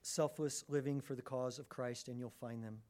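A middle-aged man preaching a sermon, animated and conversational, often restarting his phrases. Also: mid-range voice, moderate pace. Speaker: pastor.

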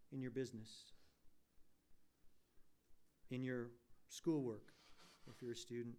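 A man delivering a sermon to his congregation at a mid-range pitch. He asks pointed rhetorical questions and climbs into forceful, emphatic peaks. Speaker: pastor.

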